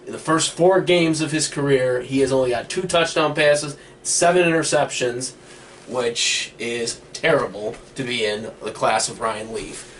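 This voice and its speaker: A man co-hosting a casual sports picks chat over an online call, talking with plenty of fillers and pauses. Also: mid-range voice, fairly bright tone. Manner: hesitant, many fillers. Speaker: co-host making picks. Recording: distant mic with faint noise.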